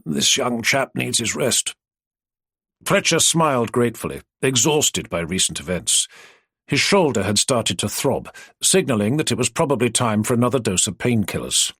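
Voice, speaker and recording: A man narrating an audiobook in an expressive storytelling manner. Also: medium pitch, moderate pace, slightly rough, no room sound, studio quality. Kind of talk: scripted narration.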